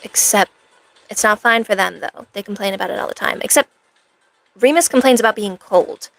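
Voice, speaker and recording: Sarcastic cosplay streamer woman, gravelly fry. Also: mid-range voice, brisk, a bit bright. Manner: sarcastic, rambling banter with chat. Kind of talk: in-character cosplay stream chat.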